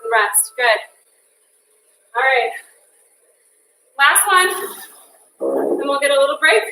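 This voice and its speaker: Bright, high-voiced woman fitness instructor. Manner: upbeat, encouraging, counts down and whoops. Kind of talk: live workout class cueing. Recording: echoey room, voice from a distance.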